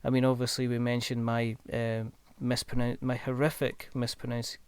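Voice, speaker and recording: A man's voice: medium pitch, monotone, moderate pace, darkish tone, clear, resonant tone, no echo. Chatty Scottish man hosting. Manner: rambling, with many ums and restarts. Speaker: podcast host. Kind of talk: casual interview chat.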